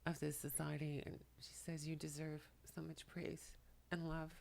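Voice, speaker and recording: A tearful woman at home, speaking to the camera in a soft, halting way while relaying messages, often dropping to a whisper. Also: sits low, flat delivery, gravelly. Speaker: spiritual channeler and makeup vlogger. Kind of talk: emotional channeling talk to camera. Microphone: camera mic, speaking to the camera.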